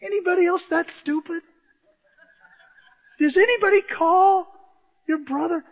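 A man preaching a sermon as pastor, animated and storytelling, acting out the voices of the people in his stories. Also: extremely high pitch, moderate pace, long pauses, slightly rough, in a large hall, muffled recording.

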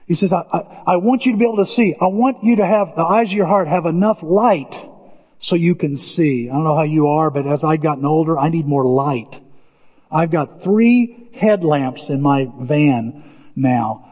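A middle-aged man preaching a conversational sermon, telling stories in a folksy way and acting out the quotes in sudden high voices. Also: moderate pace. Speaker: pastor. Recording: echoey hall, dull lo-fi sound.

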